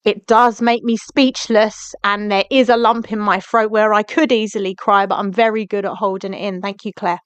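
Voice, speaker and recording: A woman's voice: mid-range voice, flat delivery, normal speed, few pauses, clean tone, no echo. A young woman ranting on a live stream, firing indignant questions at viewers by name. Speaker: livestreamer. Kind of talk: angry live-stream rant.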